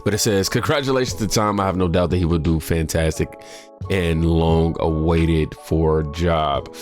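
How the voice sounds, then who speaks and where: A man's voice: deep voice, steady tone, normal speed, a little mellow, faint music behind. A man hosting a reaction video, chatting loosely and reading posts aloud while sick and short of breath. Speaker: reaction channel host. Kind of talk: casual reaction commentary.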